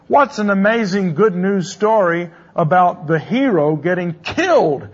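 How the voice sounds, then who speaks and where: A man's voice: sits high, lively intonation, unhurried, few pauses, slightly rough, muffled recording. A man giving a classroom lecture in a conversational way, quizzing his students with questions as he goes.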